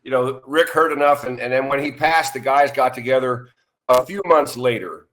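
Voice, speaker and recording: A man's voice: medium pitch, moderate pace, fairly bright tone. Rambling older male musician telling stories. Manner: rambling, many restarts, acts out quoted voices. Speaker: musician guest. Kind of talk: casual interview storytelling.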